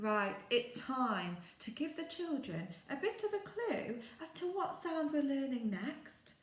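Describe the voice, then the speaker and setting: A woman with an English accent teaching a phonics lesson to young children, with big gasps and drawn-out sounds. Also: sits high, very animated, reverberant. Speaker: primary school phonics teacher.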